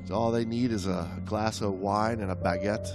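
A man hosting a comedy podcast, telling a story in an animated, laughing way. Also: on the low side, normal speed, music in the background. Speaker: podcast co-host.

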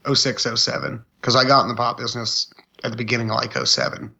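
A man's voice: medium pitch, fairly even intonation, fast, creaky, pushed and bright. A man in his early thirties co-hosting a podcast, playful and swearing casually. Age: 30s. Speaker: podcast co-host. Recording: dull lo-fi sound.

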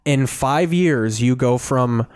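A man's voice: mid-range voice, takes it slowly, darkish tone, smooth, no echo. A man who is a comedian from the scene, chatting casually and wryly, often quoting others. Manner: conversational, wry, quotes others. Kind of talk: casual podcast chat.

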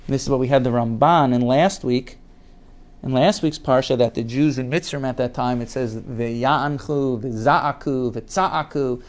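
A man teaching a Torah class, his pitch sitting in an ordinary middle range. He speaks earnestly and doubles up words for emphasis. He reads Hebrew quotes aloud and then translates them. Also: darkish tone.

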